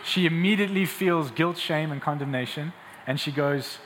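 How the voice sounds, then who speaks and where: A man's voice: on the high side, normal speed, fairly bright tone, slight background noise. A man preaching a sermon, retelling scripture with acted-out dialogue. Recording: long hall reverb, faint ambience.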